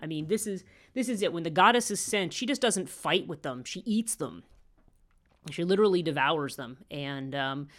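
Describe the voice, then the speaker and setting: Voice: medium pitch, fairly quick, few pauses, a bit bright. A teacher giving a podcast lecture in a rambling way, with frequent fillers and restarts.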